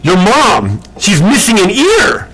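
A man doing an interviewer in a told joke who is caught off guard, repeating his warnings in a high, rising voice. He sounds openly incredulous. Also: huge pitch swings, slow pace, crowd noise, exaggerated voice, poor audio. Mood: alarmed. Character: alarmed job interviewer, adult man.

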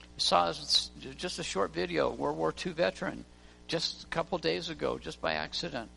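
A man's voice: fairly high pitch, normal speed, gravelly, sharp tone, slight background noise. A man preaching a sermon in a church, telling stories and acting out the voices of the people in them. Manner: storytelling preacher, acts out voices. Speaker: pastor. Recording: long reverb of a church hall, faint music.

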